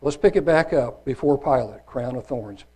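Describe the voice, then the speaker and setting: A man's voice: mid-range voice, moderate pace, warm tone, slightly rough. A man preaching a sermon, reading scripture aloud in an earnest, grave way with a few restarts.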